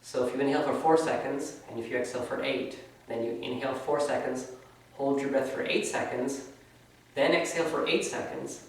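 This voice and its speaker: A man gives relaxed, unscripted instruction to a class, tossing in "right?" after almost every point. He sits back from the mic, and his voice carries a heavy, boomy room echo. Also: fairly quick. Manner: loose and conversational, often ends phrases with "right?". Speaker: yoga teacher. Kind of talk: casual spoken class instruction. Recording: very echoey room, voice from far off.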